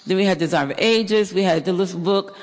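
A man giving a personal testimony, telling his story in an animated way with fillers and restarts. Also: high voice, a little fast, long reverb tail. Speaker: church member giving testimony.

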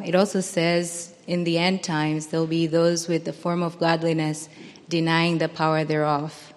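Woman, congregant, low and monotone, earnest scripture quoting, church echo. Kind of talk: sharing a favorite scripture verse. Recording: long reverb in a church.

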